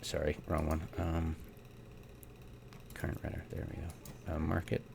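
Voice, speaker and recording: Deep gravelly man ranting casually. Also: flat delivery, unhurried, background noise. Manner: exasperated, rhetorical questions, many ums. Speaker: game theorycrafter. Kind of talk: casual ranting commentary over gameplay.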